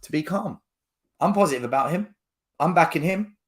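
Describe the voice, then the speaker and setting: A man's voice: fairly high pitch, lively intonation, normal speed. A man hosting a football fan channel, ranting to camera in a blunt, argumentative way. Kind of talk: fan opinion rant to camera.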